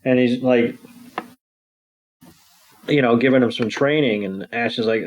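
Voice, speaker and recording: A man's voice: medium pitch, a little slow, pauses often, a crowd in the background, rough recording. A man co-hosting a podcast, casually recapping a cartoon episode with crude jokes. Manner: laid-back, crude joking. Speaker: podcast co-host.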